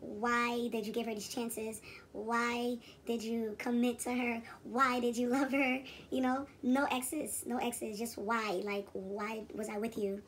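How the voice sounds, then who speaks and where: A woman's voice: on the high side, little pitch movement, a little slow, fairly bright tone, slight background noise, poor audio. A woman hosting a reaction video, giving preachy commentary and repeating her points for emphasis.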